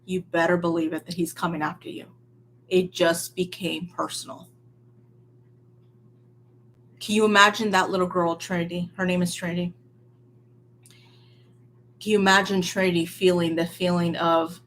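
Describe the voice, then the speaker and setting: A woman preaching a sermon in an earnest, emphatic way, swinging between loud stresses and quiet, near-hushed lines. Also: on the low side, flat delivery, moderate pace, a little hiss or hum.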